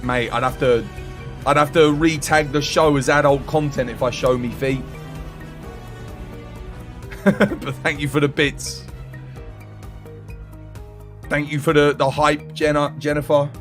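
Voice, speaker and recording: A man chatting casually with his live-stream viewers. He is tired and his voice is fading after eighteen hours, and he jokes and thanks people by name in a weary, drawn-out way. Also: a little high, fairly even intonation, fairly bright tone, faint music behind.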